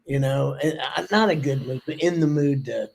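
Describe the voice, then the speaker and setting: A man's voice: medium pitch, normal speed, vocal fry, darkish tone. A man co-hosting a marketing talk show, easygoing and self-deprecating in casual chat.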